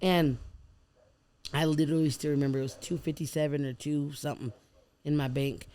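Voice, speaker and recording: A woman's voice: deep voice, steady tone, a little fast, mellow. A woman guest on a podcast, telling her life story in casual chat and animatedly acting out the people and prayers she quotes. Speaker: podcast guest, food truck owner.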